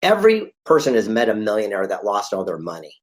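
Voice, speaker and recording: A man who is a podcast guest, telling anecdotes in a lively conversational way and acting out the dialogue. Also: on the low side, quick pace. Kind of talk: conversational storytelling.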